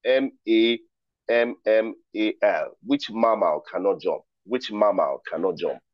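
A man's voice: fairly low pitch, measured pace, no echo. Teasing man hosting an online quiz. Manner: playful, teasing, reads out chat replies. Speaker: host of a virtual ceremony. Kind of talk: lively hosting of a riddle quiz. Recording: dry, dull lo-fi call audio.

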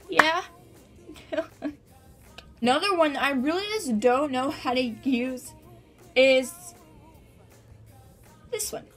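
A woman's voice: high-pitched, fairly bright tone. A young woman chatting casually as a vlogger, bubbly and giggly with lots of filler words. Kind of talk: casual vlog chat.

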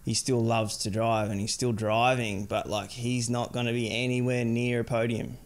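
A man's voice: medium pitch, little pitch movement, normal speed. A young adult man chatting casually as a podcast guest, rambling and filling his sentences with "like". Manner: rambling, heavy use of "like". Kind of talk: casual chat.

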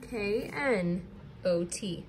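A woman teacher walks a class through a recorded distance-learning lesson at an unhurried pace. She spells words out letter by letter in a patient way, at a middle pitch, with a faint hiss behind her voice. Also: lively intonation.

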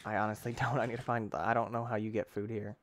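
A man giving excitable, rambling commentary on his gameplay, talking to himself and breaking into sudden shouts. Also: quick pace, a little hiss or hum. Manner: excitable, with sudden shouts and big pitch jumps. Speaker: gaming channel host. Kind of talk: let's-play gameplay commentary.

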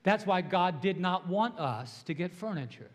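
A pastor in his sixties from New York, preaching a sermon with animated storytelling and call-and-response. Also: high-pitched, moderate pace. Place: church sanctuary. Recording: long church hall reverb.

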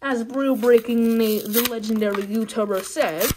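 A woman's voice: on the high side, moderate pace, few pauses. Chatty woman tearing card packs. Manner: chatty, excitable, cheers and pleads at cards. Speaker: card-opening vlogger. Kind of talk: casual pack-opening commentary. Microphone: phone. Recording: loud wrapper crinkling and tearing noise. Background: crinkling, tearing foil packs.

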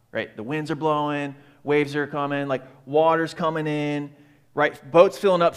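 A man preaching a sermon as pastor, in a casual, animated way, often saying "like" and "right?". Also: mid-range voice. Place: church.

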